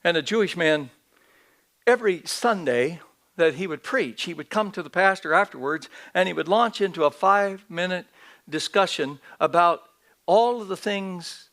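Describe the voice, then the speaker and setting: Pastor, male, higher-pitched voice, earnest sermon delivery with restarts, church setting. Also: fairly bright tone. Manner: earnest preaching with repetitions and restarts. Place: church sanctuary.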